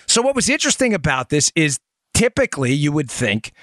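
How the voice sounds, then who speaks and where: A man's voice: on the high side, sing-song, fairly quick, fairly bright tone, no room sound. A man hosting a political talk show, explaining points in an emphatic, digressive way and speaking straight to his listeners. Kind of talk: conversational political monologue.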